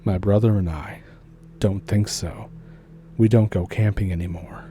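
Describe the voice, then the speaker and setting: A man narrating a first-person horror story as the channel host, in a steady, deliberate way. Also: fairly low pitch, faint music behind.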